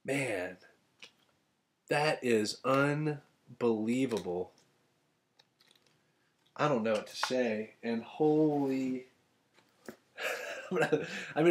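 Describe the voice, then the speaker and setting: A man unboxing gifts from fans at home, talking casually and rambling, getting excited and cracking self-deprecating jokes. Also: mid-range voice, slow, long pauses. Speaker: author unboxing fan gifts. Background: thunder and a dog's collar.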